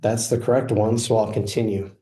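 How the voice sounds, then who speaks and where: A man with a fairly low voice talks through a product demo, relaxed and explanatory as he clicks through each feature. The sound carries a noticeable roomy echo. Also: a little fast, slight background noise. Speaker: software presenter.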